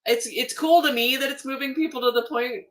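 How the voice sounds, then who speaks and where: A Canadian woman hosting a casual livestream from her home studio, reading viewer comments in a chatty, animated way with frequent laughs and ums. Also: sits high, fairly quick, distant mic. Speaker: livestream host, artist.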